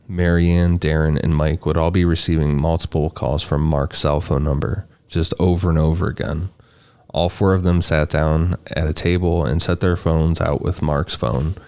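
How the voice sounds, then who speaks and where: Brief: male podcast co-host, casual storyteller, deep and dark. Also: creaky. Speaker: podcast co-host presenting the case.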